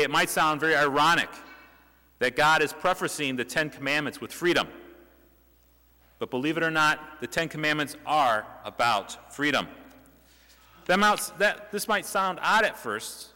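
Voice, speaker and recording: Bright-voiced young preacher in a church. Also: male voice, a little high, moderate pace. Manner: conversational, with restarts and rhetorical questions. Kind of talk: sermon. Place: church sanctuary. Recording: reverberant church hall.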